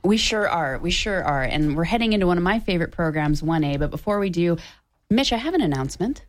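A woman's voice: on the low side, expressive, fast. Upbeat female radio host making an appeal. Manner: upbeat and persuasive, repeats phrases for emphasis. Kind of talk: on-air fundraising appeal.

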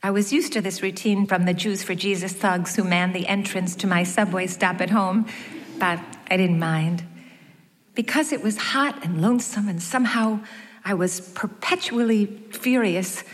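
A woman narrating her own story as an audiobook, wry and measured with light self-mockery. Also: medium pitch. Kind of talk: first-person audiobook narration. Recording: long hall reverb.

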